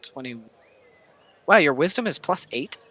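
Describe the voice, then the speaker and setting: A male game master narrating a tabletop role-playing session in a casual, halting way, filling gaps with ums and uhs. His voice is bright and forceful. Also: a little high, animated. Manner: casual, many fillers and pauses.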